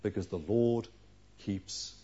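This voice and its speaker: Husky preacher, loud then hushed. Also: male voice, on the low side, slow pace. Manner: earnest preaching with rhetorical questions, swinging from loud to hushed. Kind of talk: sermon. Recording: dull lo-fi recording.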